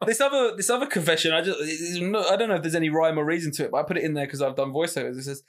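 A man co-hosts a podcast in a relaxed chat, with his voice sitting a little high. He tells stories in an animated way and keeps breaking into giggles. He is close on a studio microphone. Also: very fast, few pauses. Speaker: podcast co-host.

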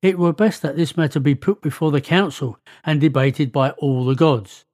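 A man's voice: on the high side, moderate pace, darkish tone, dry recording, clean studio sound, lightly acted. A man reading as a sly trickster god. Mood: calm.

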